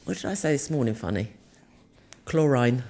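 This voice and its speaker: Woman, fifties, South London accent, casual podcast co-host, bantering, lively rising and falling pitch. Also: normal speed, noisy background. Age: 50s. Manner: bantering, teasing, laughs often. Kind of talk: casual chat.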